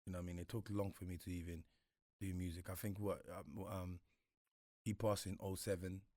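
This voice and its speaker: A man's voice: sits low, flat delivery, fairly quick, warm tone, dry recording, clean studio sound. A man, a guest in a casual interview, talking reflectively with slang and frequent repeats. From Congo.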